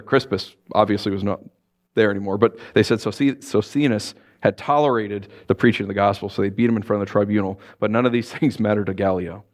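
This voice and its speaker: A male pastor giving a relaxed, conversational sermon. He talks informally, gets animated, and laughs easily while acting out quotes. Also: fairly low pitch.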